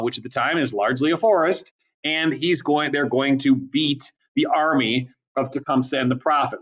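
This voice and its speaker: A man teaching a history class in a casual, chatty lecture style, with many ums and quick asides. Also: fairly high pitch, fairly bright tone, highs cut off.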